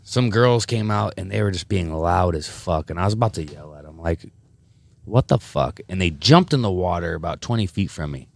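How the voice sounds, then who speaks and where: A man with a very deep, dry-sounding voice tells rambling stories in a casual chat. His talk is loose, profane and animated, full of fillers and repeats. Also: normal speed, creaky, dry recording. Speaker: podcast host.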